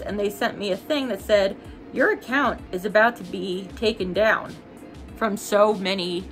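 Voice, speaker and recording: A woman's voice: medium pitch, fairly bright tone. A young woman vlogger in casual get-ready-with-me chat, angry, heated and swearing as she rants.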